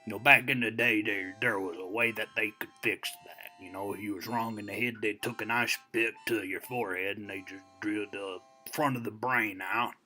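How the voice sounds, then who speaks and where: A man's voice: lowish voice, fairly even intonation, normal speed, few pauses, bright, forceful tone, soft background music. A man playing a very old, boastful American storyteller who rambles and digresses in a folksy way, full of "you know" fillers. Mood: rambling. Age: over 60. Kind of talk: comedic character monologue.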